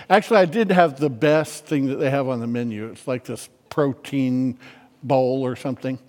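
A man's voice: medium pitch, moderate pace, darkish tone. A man preaching a sermon in a conversational storytelling way, with restarts and emphatic peaks. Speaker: pastor. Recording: long hall reverb.

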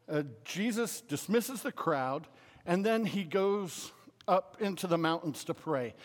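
A middle-aged man preaching a casual, conversational sermon, talking animatedly and filling his speech with everyday fillers. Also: high voice. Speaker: pastor. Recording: long hall reverb.

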